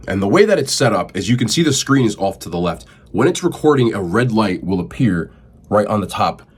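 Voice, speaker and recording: A man's voice: on the low side, husky. A man hosting a video, chatting casually to viewers as he explains his camera setup. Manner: relaxed explaining, talks straight to viewers. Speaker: video host.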